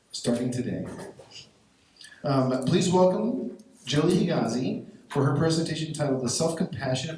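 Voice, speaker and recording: A man's voice: on the high side, darkish tone, slight background noise. Man introducing a speaker in an echoey hall. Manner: measured, reads a prepared introduction. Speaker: conference host introducing speaker. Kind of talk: formal introduction. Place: large lecture hall. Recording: very echoey hall, distant mic.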